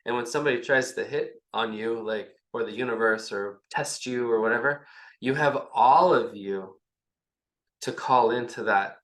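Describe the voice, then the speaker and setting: This podcast guest has a medium-pitched, slightly bright voice and keeps a moderate pace. In loose, meandering conversation, he plays out small exchanges between himself and his partner, recorded in an echoey space.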